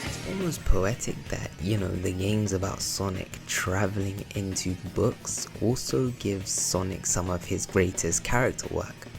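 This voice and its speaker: A man's voice: sits low, unhurried, vocal fry. A young man giving casual, reflective analytical commentary on a video game series. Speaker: video essayist. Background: background music.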